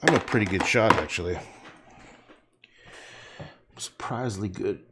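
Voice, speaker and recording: A man's voice: fairly low pitch, measured pace, very noisy. A man painting on a livestream, talking casually in a rambling way, swearing and muttering to himself as he works.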